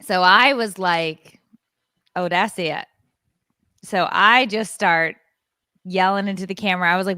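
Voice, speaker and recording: A woman co-hosting a podcast, telling a story in a frank, animated, self-deprecating way. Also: lowish voice, a little slow, long pauses, clean tone, no room sound, clean studio sound. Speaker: podcast co-host. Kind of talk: casual chat.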